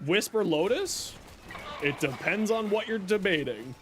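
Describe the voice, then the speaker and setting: Animated man chatting on a gaming stream. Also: high voice, a little slow, over music. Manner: animated, reacts to chat and teases viewers. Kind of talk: casual live-stream chat while gaming.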